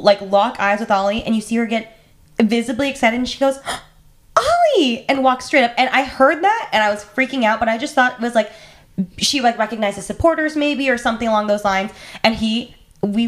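A young woman co-hosts a chatty podcast and tells a story with breathless excitement. Her voice sits a little high, and she keeps slipping into the people she quotes. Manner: animated, gushing, acts out quotes. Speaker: podcast co-host. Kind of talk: casual storytelling chat.

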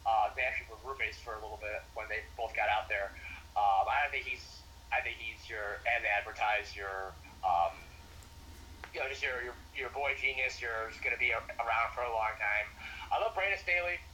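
A man's voice: on the low side, moderate pace, bright, forceful tone, slight background noise, poor audio. A young man, a former college football coach, telling stories in a casual interview with lots of fillers and restarts. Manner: rambling, many restarts and fillers.

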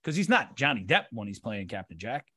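Man, actor guest, bright forceful voice, animated and emphatic chat. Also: medium pitch, a little fast, husky. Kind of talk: casual interview chat.

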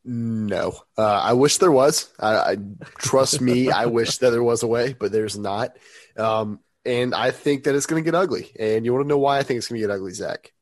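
A sick, sniffly man co-hosting a casual sports podcast. He rambles, jokes and corrects himself as he goes, in a middle-pitched voice recorded close and dry. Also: moderate pace, dry recording. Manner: rambling, self-correcting, joking. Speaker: podcast co-host.

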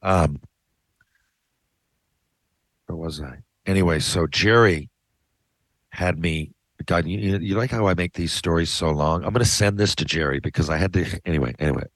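A man's voice: deep voice, normal speed, long pauses, no room sound. A middle-aged man hosting a podcast, telling a long rambling story in a casual, profane way, often cutting himself off and circling back. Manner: rambling, profane, self-interrupting. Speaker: podcast host. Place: his living room.

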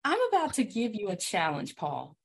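An upbeat woman host leads a relaxed podcast conversation. She talks with emphasis and laughs often, in an ordinary middle-pitched voice. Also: normal speed, vocal fry, husky. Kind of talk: conversational interview.

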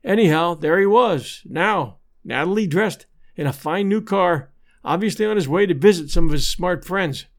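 Higher-voiced male audiobook narrator. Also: normal speed.

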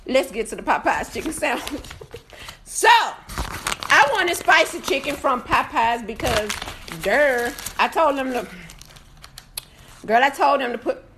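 A woman ranting in a casual review on a live video, loud and profane, often shouting and laughing through her complaints. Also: sits high, animated, a little slow, long pauses, background noise.

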